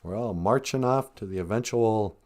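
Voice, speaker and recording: A man hosting a comedy podcast, joking darkly in a deadpan, drawling way. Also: fairly low pitch, moderate pace. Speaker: podcast host.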